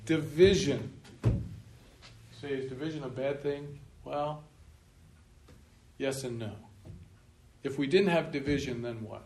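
A male pastor giving a sermon emphatically, slowing down to stress key points and chuckling at his own remarks. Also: medium pitch, darkish tone. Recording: roomy room echo, faint noise.

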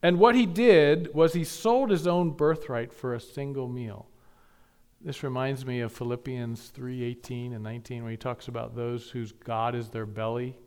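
A male pastor preaching a sermon, building to emphatic peaks and dropping to quiet asides. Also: medium pitch, fairly even intonation, normal speed, smooth.

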